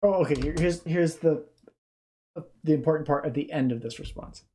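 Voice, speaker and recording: A mellow, dark-toned voice talking through a reaction video in a tired, subdued way. The speech stops and restarts often as the speaker searches for words, in a casual, unhurried stream. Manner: low-energy, hesitant, many restarts.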